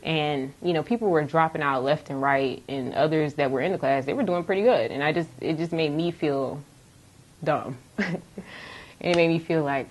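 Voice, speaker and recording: Young woman nursing student sharing her faith story, low voice, candid and lively. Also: moderate pace. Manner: candid, animated storytelling with laughs. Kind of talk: personal testimony.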